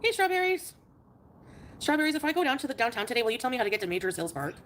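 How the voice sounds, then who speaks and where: A woman's voice: on the high side, sing-song, racing, a bit bright, a little hiss or hum. Chatty woman greeting her stream viewers. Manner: chatty, greeting viewers by name with frequent laughs. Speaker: livestreamer. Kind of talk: casual live stream chat.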